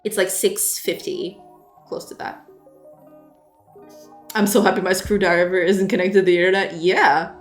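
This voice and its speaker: A woman's voice: mid-range voice, a little slow, long pauses, soft background music. Giggly woman chatting on a dev stream. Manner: giggly, self-deprecating, often breaks into laughter; chatty, reads and answers viewer messages. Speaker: game developer streamer. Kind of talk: casual live-stream chat while coding.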